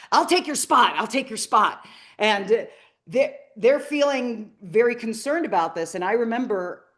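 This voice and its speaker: A middle-aged woman speaks to a live audience with earnest, inspirational warmth. She tells a personal story and stops to ask the listeners questions. Her voice sits at an ordinary middle pitch for a woman. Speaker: motivational speaker. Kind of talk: live masterclass talk to an audience.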